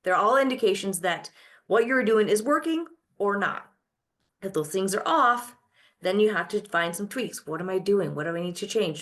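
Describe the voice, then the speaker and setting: A woman's voice: medium pitch, a bit bright. A middle-aged woman hosting a live online masterclass, coaching her listeners and asking and answering her own questions. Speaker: host.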